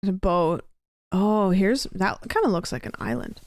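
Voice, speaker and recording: A woman's voice: mid-range voice, very animated, moderate pace, a little mellow, no room sound, clean studio sound. A young woman streaming a game, chatting with viewers in a rambling, casual way. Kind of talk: casual gameplay chat.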